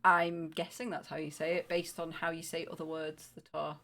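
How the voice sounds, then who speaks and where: Woman, quiz co-host, lowish voice, relaxed, laughs easily. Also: moderate pace. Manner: relaxed, laughs easily, reads questions plainly. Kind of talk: casual live-stream quiz chat.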